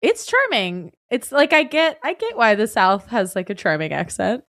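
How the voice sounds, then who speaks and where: A woman co-hosts a podcast in a casual chat, wry and quick to giggle. Her pitch swoops in a lively way. The sound is close and dry. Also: dry recording. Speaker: podcast co-host.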